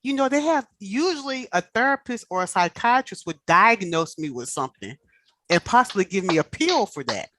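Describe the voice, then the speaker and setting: A woman in casual chat, telling animated stories and acting out the people she quotes. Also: medium pitch, normal speed.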